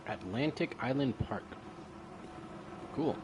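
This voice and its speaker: A man's voice: on the low side, lively intonation, a little fast, background noise. Young guy joking through a horror game. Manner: joking, reads game text aloud. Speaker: gaming youtuber. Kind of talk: casual gameplay commentary.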